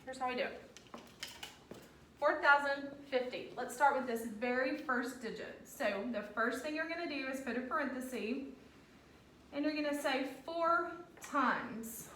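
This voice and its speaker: A woman's voice: high-pitched, a little slow, sharp tone, a little hiss or hum. Woman teacher coaxing a class. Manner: patient, coaxing, talks students through steps. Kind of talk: classroom instruction. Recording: roomy classroom audio from a distance.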